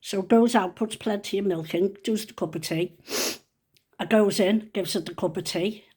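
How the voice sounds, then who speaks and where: A vlogger in her seventies tells funny stories to camera, chatty, rambling and down-to-earth. Her medium-pitched voice is husky and darkish, at a normal speed.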